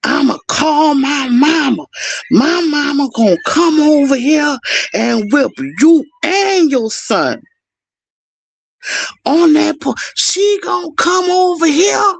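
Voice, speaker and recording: A woman voicing an angry young girl who yells tearful threats. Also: high voice, creaky, dry recording, pitched above the performer's own voice, heavily acted.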